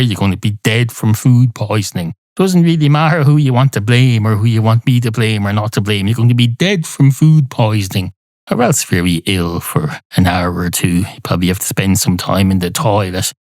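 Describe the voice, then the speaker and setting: A man hosting a comic monologue podcast, rambling and mock-indignant. His voice sits low but swings widely in pitch. The recording is dry and close. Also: darkish tone, no echo. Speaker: podcast host.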